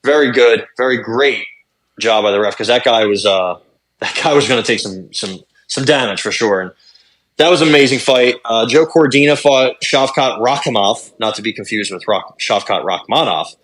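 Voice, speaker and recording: A young adult man co-hosting a podcast, recapping fights in casual chat, talking fast and swearing. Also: mid-range voice, fairly bright tone. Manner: rapid, swearing fight recaps with lots of fillers. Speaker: podcast co-host.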